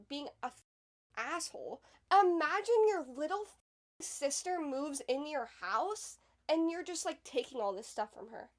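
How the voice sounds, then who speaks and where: A young woman with a high, light voice tells a personal story in a loose, chatty vlog way. She drops "like" constantly and punches certain words with sudden loud emphasis. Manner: chatty, fills speech with "like", emphatic swings in loudness. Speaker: podcast host.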